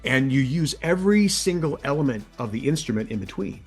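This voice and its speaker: A male voice actor and audiobook narrator chatting as an interview guest, lively and demonstrative, often sliding his pitch way up or down to show off different voices. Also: fairly quick, breathy edge, soft background music. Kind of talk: casual interview chat.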